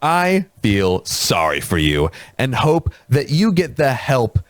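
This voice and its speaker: A man with a mid-pitched, very lively voice reads a post aloud and drops short remarks between passages. The sound is close and dry. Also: takes it slowly, dry recording. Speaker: host reading posts aloud. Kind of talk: reading a post aloud with comments.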